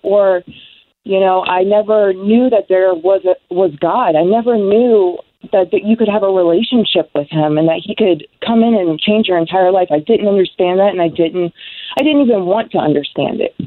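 Halting young woman, tinny phone-like sound. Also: mid-range voice, dry recording. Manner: halting, many ums, heartfelt. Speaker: guest sharing recovery story. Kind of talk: emotional personal testimony.

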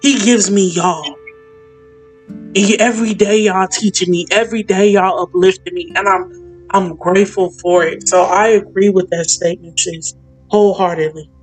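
A woman's voice: medium pitch, fairly even intonation, moderate pace, breathy edge, soft background music. A woman hosting a casual faith chat, speaking with feeling, repeating herself and calling her friends y'all and sis. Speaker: podcast host.

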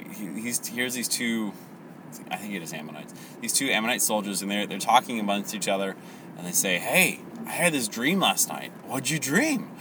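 A man teaching a Bible story in a casual, animated way, laughing often and correcting himself. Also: fairly low pitch, background noise.

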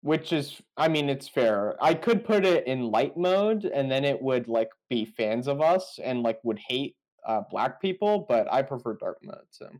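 A man's voice: medium pitch, very animated, a little slow, few pauses, a little mellow, low-quality recording. A young man co-hosting a podcast over a voice call, chatting casually, sarcastic and swearing freely. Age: young adult. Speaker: podcast co-host. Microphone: computer mic over a voice call.

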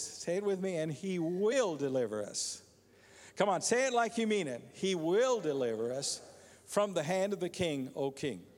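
A man preaching a sermon as pastor, calling on the congregation to respond and building to loud exhortations. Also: a little high, in a large hall. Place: church sanctuary.

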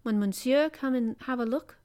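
A woman's voice: on the high side, normal speed, a little mellow, smooth, natural voice. A woman reading as a polite manservant. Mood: urgent. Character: polite male servant, formal and reserved.

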